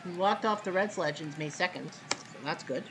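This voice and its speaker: A man hosting casual play-by-play commentary of a simulated baseball game, relaxed and chatty, with sudden loud calls on big plays. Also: high-pitched, moderate pace, noisy background.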